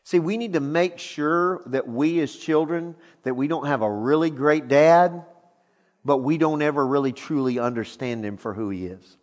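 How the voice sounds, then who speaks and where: A middle-aged male pastor preaches in an animated, emphatic way, his voice pitched a little high. His sermon rings out with a long reverb, as in a large church sanctuary.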